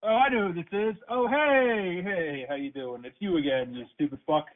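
Angry sweary guy on the phone, high voice, sounds like a cheap phone line. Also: moderate pace. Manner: angry, profane, insulting rants. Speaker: prank call target.

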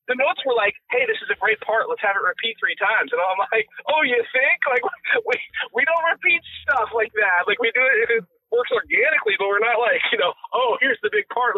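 A guest man telling stories in a loose, animated way, his pitch swinging widely as he laughs his way through. His voice is a little high and breathy. The sound is thin and phone-like, with no room around it. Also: no room sound. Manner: animated storyteller, laughs often. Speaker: guest musician. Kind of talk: casual interview chat. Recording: tinny phone-line sound.

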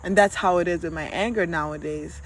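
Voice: mid-range voice, fairly even intonation, a little fast. A vlogger in a casual motivational talk, speaking candidly and conversationally, sometimes swearing and addressing listeners directly. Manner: candid, conversational, with occasional profanity.

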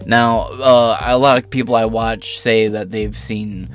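A man's voice: fairly low pitch, fairly even intonation, measured pace, soft background music. A man hosting an online political commentary show, reading news articles aloud and breaking off into rambling, profane, sarcastic asides.

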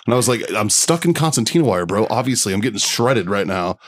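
A man's voice: fairly low pitch, expressive, fast talker. Profane laughing man telling a war story. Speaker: podcast co-host. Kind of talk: casual storytelling chat.

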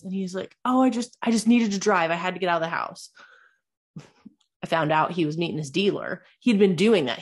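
Woman, young adult, lowish voice, candid, profane, rambling storytelling. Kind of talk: personal storytelling.

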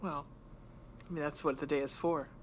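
A woman's voice: low-pitched, steady tone, normal speed, a little hiss or hum. A woman co-hosting a book podcast in casual, teasing chat, laughing often. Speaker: podcast co-host.

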